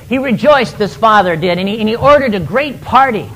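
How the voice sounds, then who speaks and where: A man's voice: high voice, animated, brisk, few pauses, fairly bright tone, a little hiss or hum, rough recording. A man preaching, retelling a parable emphatically and often repeating words as he goes. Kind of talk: sermon storytelling.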